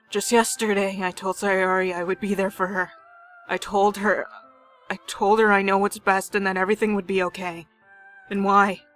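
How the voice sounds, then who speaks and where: A woman's voice: medium pitch, fairly bright tone. A young woman reading a visual novel aloud as a game streamer, with dramatic, jokey and panicky reactions.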